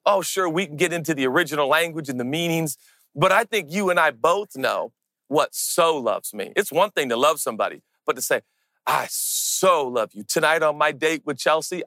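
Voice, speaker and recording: A man's voice: a little high, bright, forceful tone, no room sound. Emphatic preaching man, dry close sound. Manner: emphatic preaching, slowing down to stress key words. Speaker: pastor. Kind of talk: sermon.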